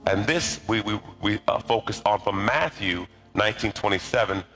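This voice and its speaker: A man's voice: on the low side, normal speed, faint music behind. A middle-aged male pastor preaching a sermon, telling stories and calling for responses from the congregation. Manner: animated storyteller with call-and-response.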